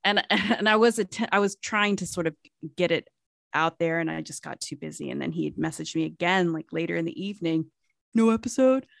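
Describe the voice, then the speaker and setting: Low, gravelly woman rambling on a podcast. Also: fairly even intonation, fairly quick, fairly bright tone, no echo, studio quality. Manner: rambling, many fillers and restarts. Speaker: podcast co-host. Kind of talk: casual chat.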